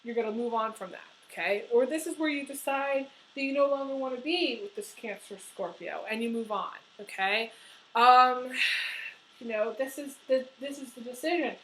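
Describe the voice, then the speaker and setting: A woman's voice: fairly high pitch, normal speed, a bit bright, slight background noise, rough recording. A woman giving a tarot horoscope reading, talking earnestly and emotionally with many fillers and restarts. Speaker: tarot reader.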